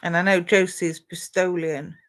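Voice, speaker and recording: Woman medium doing a live stream reading, gentle and reassuring, keeps calling people my darling. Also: fairly low pitch, flat delivery, normal speed. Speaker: psychic medium.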